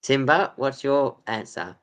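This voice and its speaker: A man's voice: medium pitch, expressive, unhurried, a bit bright. A man hosting a casual sports podcast quiz, rambling with lots of ums and laughs. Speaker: podcast host running a quiz. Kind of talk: casual chat.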